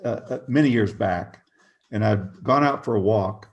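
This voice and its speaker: An older man, a guest on a video call interview, telling anecdotes with chuckles in an animated, storytelling way. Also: fairly low pitch, normal speed, lo-fi sound.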